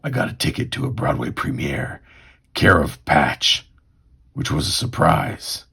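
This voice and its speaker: Gruff, sardonic mutant loner, gravelly and deep, terse inner-monologue delivery, read by a man. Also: sing-song, a little slow, bright, forceful tone, full character voice. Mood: wry. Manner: terse, wry tough-guy inner monologue.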